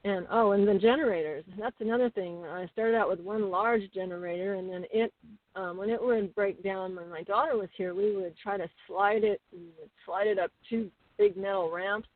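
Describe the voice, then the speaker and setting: A middle-aged woman tells her stories with a lively, chatty flow, full of fillers and restarts. Her voice comes through thin and phone-like, with no room sound at all. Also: mid-range voice, moderate pace, no echo. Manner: chatty, animated storyteller with many fillers. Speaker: guest. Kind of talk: casual interview storytelling. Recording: tinny phone-like call audio.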